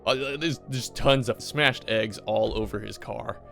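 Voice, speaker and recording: A man's voice: mid-range voice, a little slow, vocal fry, soft background music. Casual, swearing male movie recapper. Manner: swearing, joking, animated.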